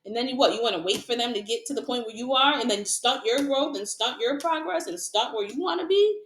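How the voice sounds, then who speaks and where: A woman's voice: fairly high pitch, fairly quick, a bit bright, reverberant. A woman giving a casual tarot reading to her viewers, frank and repetitive, asking rhetorical questions and laughing often. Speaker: tarot reader.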